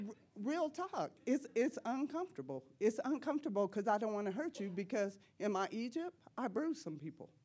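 Animated woman preaching a testimony. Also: on the high side, normal speed. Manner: animated and emphatic, laughing often between lines; casual, slangy preaching talk. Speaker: church speaker. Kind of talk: personal testimony sermon.

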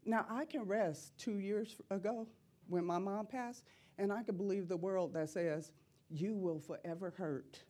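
A middle-aged woman giving an impassioned preaching testimony in church, repeating phrases and rising to loud cries. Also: mid-range voice, a little slow.

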